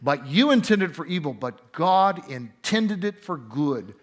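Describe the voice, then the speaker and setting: A man answering interview questions in a conference center, explaining scripture in an animated, emphatic conversational way with quick asides. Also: on the high side. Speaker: interview guest, Bible teacher.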